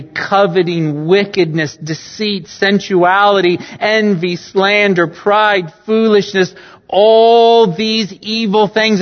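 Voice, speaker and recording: High-voiced man preaching slowly in a reverberant church. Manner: earnest preaching, swings between loud emphatic and quiet low phrases. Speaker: pastor. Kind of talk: sermon. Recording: dull sound with long church reverb.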